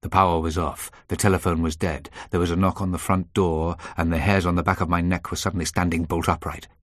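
A man narrating a story in a measured, tense way. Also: low voice, little pitch movement, no room sound, studio quality. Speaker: audiobook narrator. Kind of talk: scripted narration.

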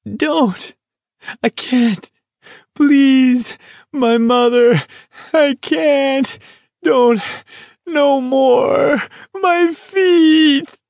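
A man voicing a terrified red-haired teenage boy who weeps and screams in shrill, sobbing cries. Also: very slow, creaky, a little mellow, dry recording, full character voice. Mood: screaming, pleading.

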